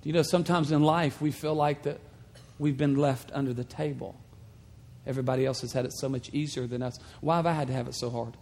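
Storytelling pastor in a ringing hall. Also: male voice, medium pitch, fast. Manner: storytelling, conversational, animated asides. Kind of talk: sermon. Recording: long hall reverb.

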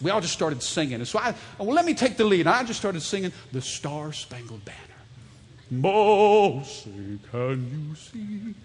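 A man in his thirties preaches in a church, his fairly high voice ringing out. He tells stories with animation and keeps calling on the congregation to answer back. A long reverb trails behind him in the sanctuary. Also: husky. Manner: animated, storytelling, calls for audience response. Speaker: pastor. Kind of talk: sermon.

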